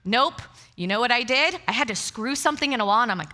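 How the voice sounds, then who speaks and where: Animated woman pastor with a bright voice. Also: fairly high pitch, normal speed. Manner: animated, acts out dialogue with laughs. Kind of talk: sermon storytelling. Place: church stage.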